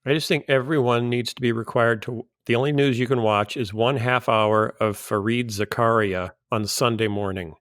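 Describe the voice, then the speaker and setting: A man's voice: mid-range voice, steady tone, moderate pace, few pauses, a bit bright, dry recording, studio quality. A man hosting a casual podcast panel, teasing his co-hosts with a wry humor and reading quoted passages aloud with emphasis. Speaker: podcast host.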